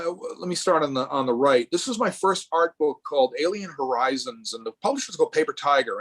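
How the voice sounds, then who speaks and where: A man's voice: fairly high pitch, bright, forceful tone. A middle-aged man from Rhode Island, speaking as a guest artist at a live artist event over a video call, rambling with many restarts and fillers.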